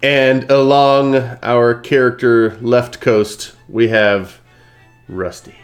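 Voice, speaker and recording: A man's voice: mid-range voice, steady tone, takes it slowly, faint music behind. A man hosting a live-streamed tabletop game as game master, chatty and rambling with lots of fillers over a video call.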